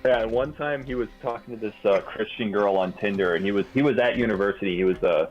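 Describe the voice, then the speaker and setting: A man's voice: fairly low pitch, quick pace, muffled recording, soft background music. A man telling rambling, laughing anecdotes in a casual chat among friends. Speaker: guest on a gaming stream.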